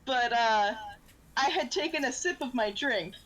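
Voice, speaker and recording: A woman's voice: fairly high pitch, animated, measured pace, fairly bright tone, low-quality recording. A woman playing in an online tabletop game, chatting casually and giggling through her stories. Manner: giggly, tells stories through fits of laughter. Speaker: player.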